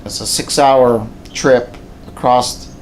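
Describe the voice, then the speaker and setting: A man's voice: mid-range voice, fairly even intonation, slow. Man, mid-range voice, plain folksy yarn-spinner who circles back on his words, light background hiss. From southwestern Pennsylvania. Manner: plainspoken, folksy, repeats himself. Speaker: hunter telling a story. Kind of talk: casual storytelling to camera. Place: indoors at home beside a mounted moose.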